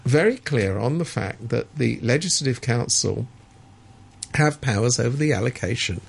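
Gravelly sardonic male commentator. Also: mid-range voice, expressive, normal speed. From Hong Kong resident. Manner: sardonic, emphatic, many restarts. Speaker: political commentator. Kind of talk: opinionated discussion.

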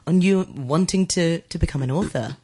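A woman hosting an interview, asking short, friendly questions and adding quick quips. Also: on the low side, mellow, breathy edge. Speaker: interview host.

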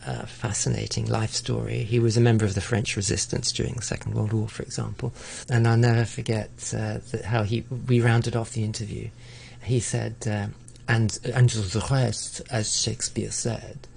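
A man's voice: on the low side, vocal fry, darkish tone, a little hiss or hum. A middle-aged man in a conversational interview, talking reflectively with frequent restarts and stammered repeats. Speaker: interviewee, arts broadcaster.

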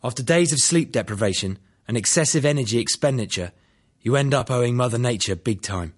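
A man's voice: mid-range voice, animated, fairly quick. A man narrating his own life story in a dry, plain-spoken first-person audiobook reading. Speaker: memoir narrator.

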